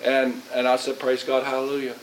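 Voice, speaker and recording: A man's voice: mid-range voice, completely flat delivery, fairly quick, low-quality recording. A middle-aged man, a pastor preaching in a folksy, rambling way and asking his congregation questions. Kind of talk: sermon. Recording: faint hiss.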